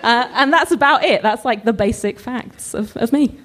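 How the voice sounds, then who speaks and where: Podcast guest, British woman, slightly high, relaxed, dry wit. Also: moderate pace. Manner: easygoing, dry humor, casual swearing. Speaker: guest, body image advocate. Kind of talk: casual chat on stage.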